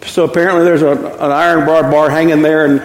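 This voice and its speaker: A man's voice: fairly high pitch, flat delivery, fast talker. A man in his fifties from Texas, preaching a sermon and telling stories with chuckles at his own jokes, in a church. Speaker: pastor. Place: church sanctuary. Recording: echoey hall with long reverb.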